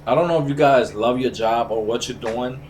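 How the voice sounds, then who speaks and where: New barber telling a long story. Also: male voice, medium pitch, a little fast, a little mellow, a little hiss or hum. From the Bronx, New York. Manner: rambling, frustrated, fillers and restarts. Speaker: barber, stream host. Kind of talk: casual storytelling chat.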